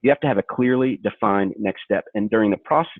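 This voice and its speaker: A man from Kentucky coaches brokers on sales in a direct, emphatic way. His voice is on the low side, dry, and thin like a phone line. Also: fast, no echo. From Kentucky, USA. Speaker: sales trainer, webinar presenter. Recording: tinny phone-like webinar audio, dry.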